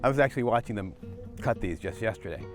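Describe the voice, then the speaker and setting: A man's voice: lowish voice, fast. An American man vlogging casually while walking outdoors, musing aloud as he shows the camera around the countryside. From United States. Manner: relaxed, musing, talks to camera while exploring. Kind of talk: casual walking vlog narration. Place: outdoors, rural streets and tea fields. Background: background music.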